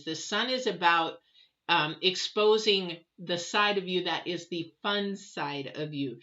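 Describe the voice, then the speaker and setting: Lowish tense lady rambling thru a tarot reading, kinda muffled lo-fi sound. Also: sharp tone. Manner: chatty, rambling, many fillers and restarts. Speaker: tarot reader. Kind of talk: live tarot reading, casual chat.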